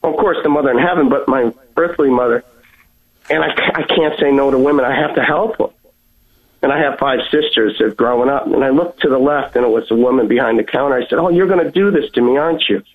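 A man calling in to tell a personal faith story, earnest and halting, often repeating his words. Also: medium pitch. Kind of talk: heartfelt storytelling. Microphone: telephone. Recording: tinny phone line.

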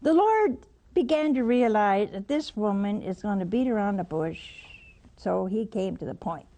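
A woman's voice: medium pitch, expressive, moderate pace, mellow. A woman preaching a sermon, telling a Bible story and putting rhetorical questions to her listeners.

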